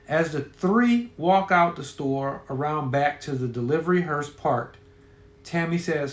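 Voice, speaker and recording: A man telling a crude story with a profane, offhand delivery and a somewhat high voice. The sound rings with the echo of a hard room. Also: a little slow, a bit bright.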